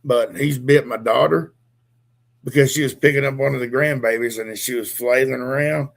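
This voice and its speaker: A man's voice: mid-range voice, steady tone, moderate pace, vocal fry. A middle-aged man co-hosting a casual chat, rambling through laid-back stories with a dry mouth.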